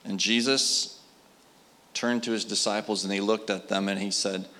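A man's voice: on the low side, fairly even intonation, moderate pace, bright, forceful tone. A man preaching a sermon, telling personal stories in an earnest, conversational way with frequent fillers. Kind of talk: sermon storytelling.

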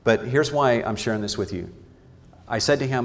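A man's voice: lowish voice, normal speed. A man teaching a parenting seminar in a sermon style, earnest and emphatic, often restarting his words. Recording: long hall reverb.

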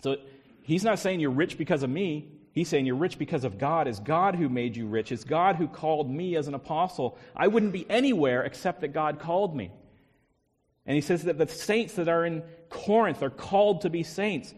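A man's voice: a little high, animated, normal speed, darkish tone, slightly rough. A male pastor preaching a sermon with emphatic repetition and rhetorical questions. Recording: long hall reverb.

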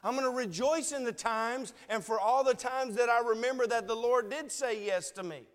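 A man's voice: very high voice, normal speed. A man preaching a sermon in an earnest, conversational way, asking repeated rhetorical questions. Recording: long reverb of a large hall.

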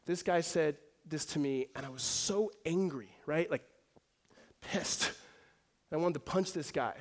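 A man preaching a sermon to a congregation, telling stories with swings between hushed and emphatic delivery. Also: fairly high pitch, moderate pace. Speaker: pastor. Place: church hall before a congregation.

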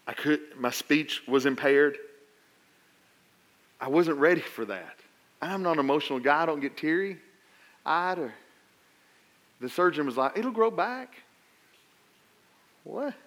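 In his sermon, a middle-aged pastor shares a personal anecdote, restarting with stammers, then builds toward loud, emphatic pleas. He speaks unhurriedly in a slightly high voice, leaving long pauses.

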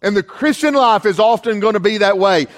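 A man gives a sermon from a church pulpit, his voice sitting fairly high for a man. He tells stories in a loose, conversational way, often repeating a word before his sentences get going, then slows and lifts his voice when reading scripture. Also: big-room sound. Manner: storytelling, repeats words when starting a sentence. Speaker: pastor.

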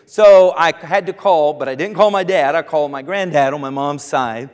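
A man's voice: a little high, normal speed, big-room sound. A man pastor, telling a story on himself with laughs and then preaching with rising fervor. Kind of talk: sermon with personal story.

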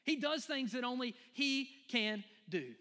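A man's voice: extremely high pitch, unhurried, big-room sound. A man, preaching a sermon and telling a folksy personal story to his congregation. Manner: animated, folksy, addresses the crowd as y'all. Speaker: pastor.

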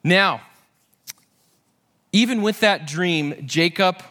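A man preaching a sermon, retelling a Bible story with lively acted-out voices and frequent restarts. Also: high-pitched, slow. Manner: animated storytelling, acting out Bible characters' voices. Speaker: pastor.

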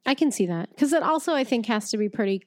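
A woman's voice: a little high, lively intonation, fast, dry recording. Easygoing woman chatting, dry sound. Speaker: podcast co-host. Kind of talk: casual chat.

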